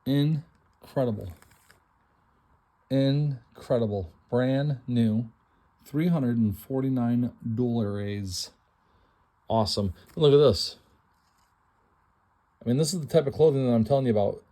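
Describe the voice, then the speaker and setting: Speaking at a moderate pace in a dark, medium-pitched voice, a middle-aged man guides viewers through a house's rooms before an estate sale. The tour is casual and enthusiastic, full of chatter and jokes about himself.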